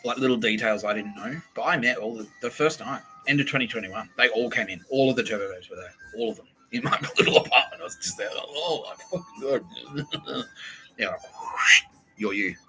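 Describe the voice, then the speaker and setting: A man's voice: medium pitch, quick pace, pushed and bright, faint music behind, rough recording. A man hosting a podcast, talking in a rambling, profane solo monologue and often laughing. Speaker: podcast host.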